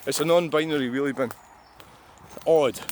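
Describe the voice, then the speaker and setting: A man's voice: a little high, normal speed, darkish tone, a little hiss or hum. A Scottish man in his sixties, a vlogger, rambling through a reflective monologue with wry, self-mocking asides. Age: 60s.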